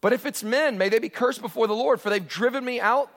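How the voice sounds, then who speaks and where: A pastor preaching an expository sermon, animated, acting out scripture voices with big jumps in his voice. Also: extremely high pitch, fairly quick. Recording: long hall reverb.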